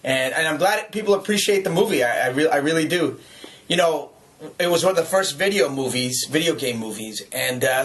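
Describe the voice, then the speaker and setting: A man in his forties from the United States, an actor telling lively anecdotes in a casual video message, chuckling and restarting his sentences often. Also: fairly high pitch, brisk.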